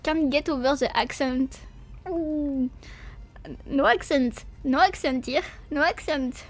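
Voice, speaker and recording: A woman's voice: high voice, takes it slowly. A woman streamer in casual live chat, giggly and apologetic, hesitant with many fillers, talking while she eats and drinks. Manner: talks while eating and drinking.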